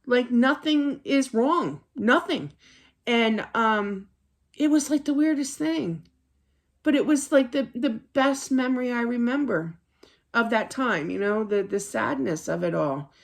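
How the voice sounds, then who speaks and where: A woman's voice: a little high, a little slow, vocal fry. Chatty woman giving a spirit reading. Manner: rambling and chatty, with many fillers and restarts. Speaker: psychic card reader. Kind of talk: casual spiritual reading to camera. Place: home office at her desk.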